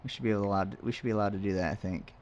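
Low-voiced man rambling over a game. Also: fairly even intonation, racing, a little mellow, a little hiss or hum. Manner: rambling, muttering to himself, joking. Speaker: let's play host. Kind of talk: casual gameplay commentary.

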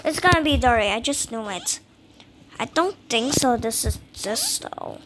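A woman giving casual commentary while playing a game, excitable and self-mocking, with frustrated outbursts. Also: on the high side, measured pace, background noise. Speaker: gaming channel host.

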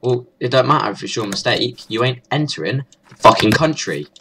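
A man's voice: mid-range voice, animated, fairly quick, background noise. A young man hosting a let's play, talking crudely and mockingly at the characters in the game. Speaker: gaming channel host.

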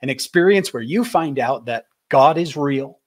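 A man from Utah giving a faith talk as a public speaker, telling stories with animation and slowing down for emphasis. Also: a little high. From Utah, USA. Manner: animated storyteller, slows for emphasis.

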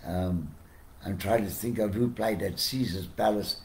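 An older man with a South African accent, telling anecdotes as a podcast guest with lively, chuckling delivery. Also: on the low side, unhurried, gravelly, slight background noise. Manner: animated, chuckling storyteller who acts out quotes. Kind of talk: casual storytelling.

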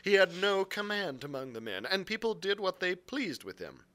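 Guy reading a storybook out loud, bright voice, bit high, trips on a word now and then. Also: normal speed. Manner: expressive storytelling with occasional slips and self-corrections. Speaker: library reader. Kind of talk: reading a novel aloud on a live show.

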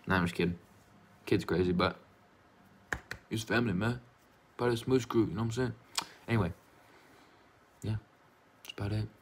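A man hosting a casual gaming vlog from his room, talking in a goofy, rambling, playfully affectionate way. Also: fairly low pitch. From United States. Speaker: gaming YouTuber.

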